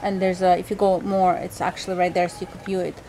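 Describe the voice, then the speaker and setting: A woman's voice: fairly low pitch, little pitch movement, quick pace, dark tone, slight background noise, low-quality recording. A tired woman talking casually to her viewers at home about her sick baby, rambling and chatty. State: tired, unwell. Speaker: vlogger mother. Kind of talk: casual home vlog chat. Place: home at night.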